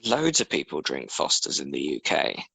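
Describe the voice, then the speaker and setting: A man's voice: a bass voice, wildly swooping pitch, normal speed, gravelly, bright, forceful tone, dry recording. A man co-hosting a true crime podcast, retelling a case in casual chat with dry joking asides.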